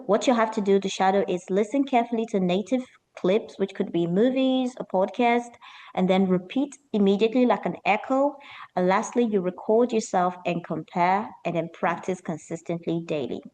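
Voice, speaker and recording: Animated woman teaching pronunciation. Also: medium pitch. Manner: animated, stretching words out slowly for emphasis. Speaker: accent coach. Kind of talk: teaching an online pronunciation lesson.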